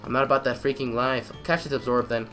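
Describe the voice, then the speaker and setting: A young man giving excitable let's-play commentary, trash-talking the game and repeating phrases in quick bursts. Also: medium pitch, faint music behind. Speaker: gamer.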